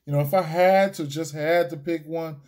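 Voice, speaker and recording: Male picks host, slightly high mellow voice, rambling casual delivery full of fillers and slang. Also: fairly even intonation, normal speed. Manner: rambling, many fillers and restarts; laid-back slangy talk. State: hiccups. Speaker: sports betting picks host. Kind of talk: casual solo picks video.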